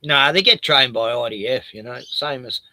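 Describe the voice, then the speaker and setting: A man's voice: mid-range voice, animated, moderate pace, pushed and bright, no echo. A man with an Australian accent, talking bluntly and heatedly in a casual chat, laughing at his own points. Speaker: podcast host.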